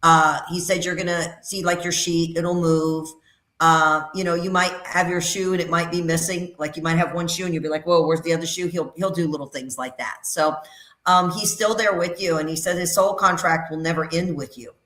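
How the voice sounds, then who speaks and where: A woman's voice: lowish voice, fairly even intonation, normal speed, fairly bright tone, echoey room. A middle-aged woman working as a psychic medium on a call-in radio show, talking in a chatty, emphatic way and repeating her phrases. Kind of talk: casual radio call-in readings.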